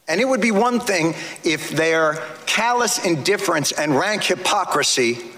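A man giving angry, impassioned testimony at a hearing, speaking forcefully and cutting into his listeners. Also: high-pitched, expressive, unhurried. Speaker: advocate testifying before a legislative hearing. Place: large hearing room. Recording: roomy hall echo.

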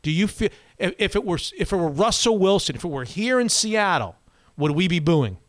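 A man hosting a casual sports talk show, animated, with quick back-and-forth and frequent restarts. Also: high-pitched, no room sound, clean studio sound. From Florida. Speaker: sports radio host.

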